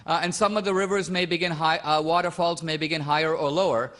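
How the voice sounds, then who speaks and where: A man's voice: a little high, fairly even intonation, quick pace, fairly bright tone. Man from India pressing his case. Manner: insistent, pressing with pointed questions. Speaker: debater. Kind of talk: formal stage debate. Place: debate stage before a live audience.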